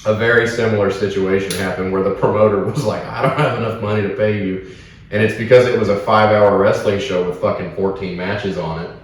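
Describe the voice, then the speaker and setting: A man's voice: lowish voice, brisk, a little hiss or hum. Profane storytelling man, roomy echo. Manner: profane, animated anecdotes. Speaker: podcast co-host, wrestler. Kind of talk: casual storytelling chat. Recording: roomy echo, distant from mic.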